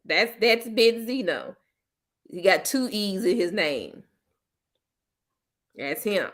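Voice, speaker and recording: A woman hosting her own channel, chatting casually with viewers in a blunt, slangy, teasing way and breaking into loud playful laughter. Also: mid-range voice, very animated, slow pace. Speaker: host of a commentary channel. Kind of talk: casual chat reacting to viewers.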